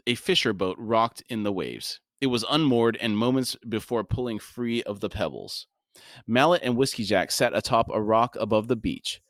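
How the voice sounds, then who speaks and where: A man's voice: on the low side, a bit bright, no room sound, studio quality. A man co-hosting a podcast who reads a novel aloud and breaks off into casual commentary. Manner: reads narration, then breaks off into chatty asides. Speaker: podcast co-host and reader.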